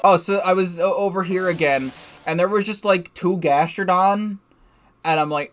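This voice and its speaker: A man's voice: sits high, moderate pace, music in the background. A young man giving casual, rambling game commentary from his desk, swearing freely and laughing at himself. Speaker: let's play gamer.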